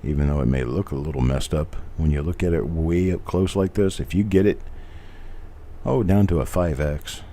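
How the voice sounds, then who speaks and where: A middle-aged man hosting a live coin stream in a casual, chatty way, who keeps clearing a frog in his throat and repeats his points for emphasis. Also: very deep voice, normal speed, warm tone. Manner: chatty, reads viewer comments aloud, repeats points for emphasis. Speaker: host of a live coin roll reveal stream.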